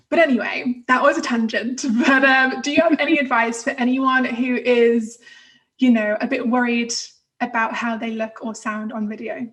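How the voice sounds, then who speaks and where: A woman's voice: on the high side, fairly even intonation, moderate pace, fairly bright tone, recorded from a distance, rough recording. A woman hosting an interview, talking in a giggly, rambling, self-deprecating way. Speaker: host. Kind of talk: casual interview chat.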